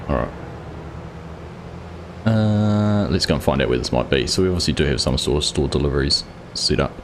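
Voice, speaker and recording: A livestream host with a rumbling low voice plays a farming game live, offering casual commentary and greeting viewers by name. He speaks briskly and expressively, with slight background noise.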